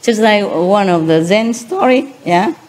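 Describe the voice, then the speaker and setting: A woman's voice: medium pitch, expressive, unhurried, darkish tone, a little hiss or hum. A woman teacher giving a spiritual lecture, retelling religious stories in simple non-native English and chuckling often.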